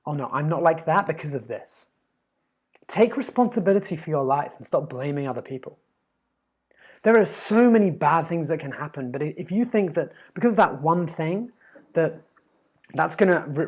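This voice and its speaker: A man's voice: fairly high pitch, a little mellow. Emphatic man giving life advice. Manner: earnest, emphatic, with stammered restarts. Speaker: life coach. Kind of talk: motivational monologue.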